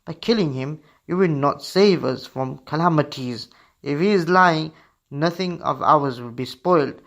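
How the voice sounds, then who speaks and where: A man's voice: a little high, measured pace, gravelly, a bit bright. A man voicing a cautious royal courtier who reasons and pleads with the king, in a radio story for children. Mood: persuasive.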